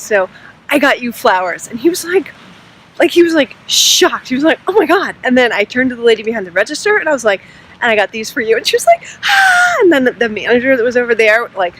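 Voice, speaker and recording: A woman vlogging outdoors at night in pouring rain, telling an excited, emotional story and getting choked up. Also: fairly high pitch. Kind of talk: casual vlog monologue. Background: rain and passing traffic.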